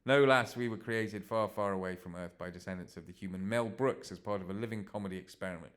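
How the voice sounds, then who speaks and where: Gruff, plain-spoken cyborgs with a broad Yorkshire accent, as a man puts them on. They grumble in a blunt, folksy way, and the voice sits a touch low. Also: fast talker, a bit bright. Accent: Yorkshire (put on).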